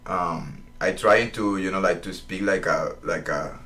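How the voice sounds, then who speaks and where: Puerto Rican male guest, native Spanish speaker, deep and bright-edged voice, halting delivery. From Puerto Rico. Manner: halting, searching for words. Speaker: guest, fighter and coach. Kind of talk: casual interview.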